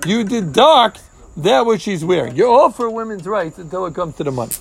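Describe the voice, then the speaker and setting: Guy teaching gemara to a group, high gravelly voice, explains step by step w/ hebrew terms and jokes. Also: sing-song, brisk. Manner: explains step by step, mixes Hebrew-Aramaic terms into English, joking asides. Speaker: Talmud teacher. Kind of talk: casual Gemara class.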